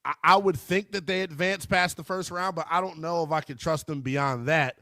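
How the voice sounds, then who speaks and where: A man hosting a sports radio show, chatting casually with a guest in a relaxed, slangy way. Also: a little high, moderate pace, no room sound, studio quality. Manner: relaxed, agreeable, slangy interviewer.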